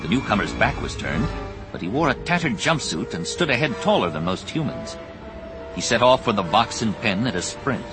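A man reading an audiobook as narrator, with a measured, dramatic delivery. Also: lowish voice, big pitch swings. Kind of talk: scripted narration. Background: background music score.

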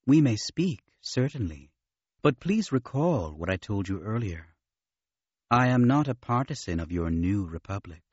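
A man reading the lines of a dignified old feathered alien woman in an audiobook, slow and measured. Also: lowish voice, sing-song, a little mellow, breathy edge, no echo, dull audio, exaggerated voice. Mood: solemn.

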